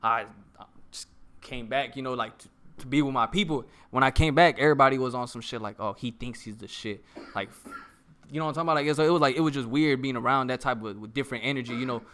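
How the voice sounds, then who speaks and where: Fast-talking young man, slangy. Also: mid-range voice, fairly bright tone. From Oklahoma. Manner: rambling, streetwise slang, frequent "bro" and "like". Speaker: rapper guest. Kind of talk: casual podcast chat.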